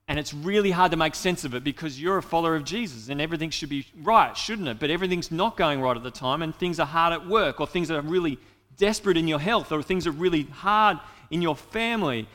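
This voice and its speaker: A man's voice: a little high, a bit bright, in a large hall. A man preaching a sermon in an earnest way, speaking directly to his listeners.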